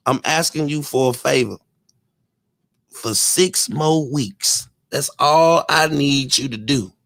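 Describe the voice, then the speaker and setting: A man's voice: medium pitch, creaky, a bit bright. A man talks straight to his channel audience in a loose, profane rant. He slips into short mocking impressions of other people, then drops back into his own casual voice. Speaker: commentary channel host. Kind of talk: casual ranting commentary.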